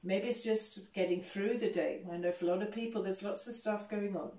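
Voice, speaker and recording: A woman yoga teacher gently talking students through breathing and poses in a soft, soothing way. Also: medium pitch, fairly even intonation, distant mic. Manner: gentle, soothing, unhurried guidance. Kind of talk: guided yoga instruction. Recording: echoey room, voice off-mic.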